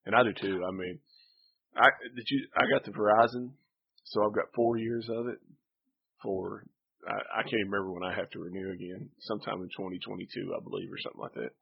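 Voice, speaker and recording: A man's voice: on the low side, steady tone, quick pace, vocal fry, slightly rough, lo-fi sound. A man chatting casually as a podcast co-host, laid-back and rambling. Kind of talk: casual chat.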